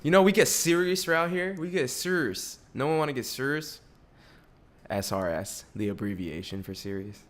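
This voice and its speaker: Male podcast host in his 20s, mid-range voice, loose and profane, excitable delivery. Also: mid-range voice, moderate pace. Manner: profane, excitable, laughs a lot, swings loud and soft. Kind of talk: casual chat.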